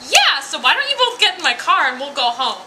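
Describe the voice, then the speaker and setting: A woman's voice: high voice, big pitch swings, a little fast, heavy background noise, voice pushed up. A woman voicing a nonchalant mother who takes everything in stride. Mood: breezy. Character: breezy, unbothered mother, accepts anything.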